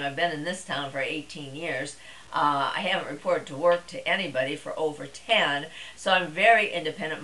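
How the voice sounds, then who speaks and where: A woman's voice: low voice, sharp tone, low-quality recording. A middle-aged woman vlogger talking to camera in a chatty, rambling way, with plenty of fillers. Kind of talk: casual monologue to camera.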